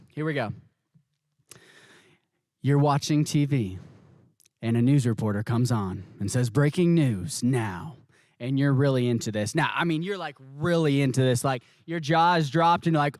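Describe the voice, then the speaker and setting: A man's voice: fairly high pitch, dry recording. A man hosting a youth live stream, chatting casually and talking straight to viewers in an upbeat way. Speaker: youth ministry host.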